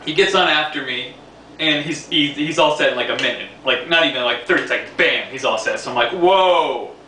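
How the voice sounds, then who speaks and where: Bright-voiced man telling a rambling story. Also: mid-range voice, fairly quick. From New York City area. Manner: rambling, repeats words, laughs while telling. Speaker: vlogger. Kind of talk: casual storytelling monologue. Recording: echoey room, distant from mic, faint hiss.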